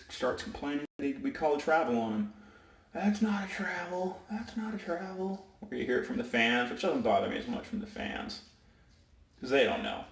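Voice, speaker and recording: A man's voice: mid-range voice, distant mic. Rambling man telling a referee story. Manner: rambling, self-correcting, with many fillers. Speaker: high school basketball referee. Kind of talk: casual storytelling vlog. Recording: roomy echo, away from the mic.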